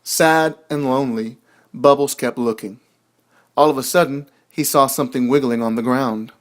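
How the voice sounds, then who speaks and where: A young man reads a children's storybook aloud in a gentle, measured way. His voice sits at an ordinary middle pitch for a man. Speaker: narrator. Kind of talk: storybook narration.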